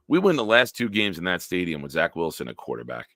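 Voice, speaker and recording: Low, forceful, profane man ranting. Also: big pitch swings, fast talker, no echo, clean studio sound. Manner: answers live chat comments. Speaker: sports talk show host. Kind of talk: casual live-stream sports talk.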